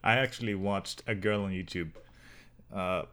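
A man from Sweden, co-hosting a casual podcast with playful, deadpan quips. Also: deep voice, moderate pace, slight background noise. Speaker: podcast co-host.

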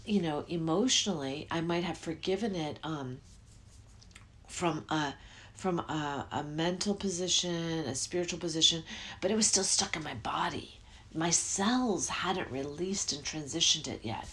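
A woman's voice: sits low, measured pace, a bit bright. A middle-aged woman hosting a podcast, talking in a rambling, self-interrupting way and yawning often. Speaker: podcast host. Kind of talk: casual spiritual podcast monologue.

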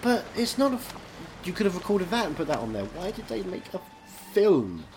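A man's voice: sits high, very animated, a little fast, background noise. A man co-hosting a comedy podcast in casual, joking chat, often mock-indignant and sliding into silly voices. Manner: playful, jokey, slips into silly put-on voices. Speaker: podcast co-host.

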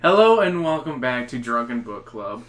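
A man's voice: mid-range voice, sing-song, normal speed, music in the background. A man hosting a podcast in casual chat, upbeat and rambling with restarts. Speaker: podcast host.

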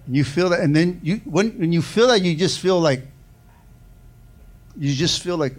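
Male pastor, sermon delivery, higher-pitched, call-and-response, big swings in volume and pace. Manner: preaching with call-and-response, repeated "amen" and "come on"; swings from loud and fast to soft and slow.

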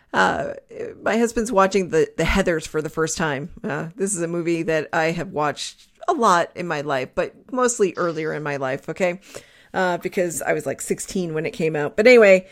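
A woman's voice: lowish voice, animated, normal speed. A woman in her forties, co-hosting a casual sports podcast, chatty with laughing asides. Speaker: podcast co-host. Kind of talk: casual chat.

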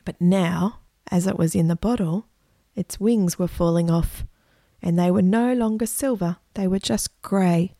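A woman reading a children's story aloud in a gentle, unhurried way. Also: fairly low pitch, no room sound, clean studio sound.

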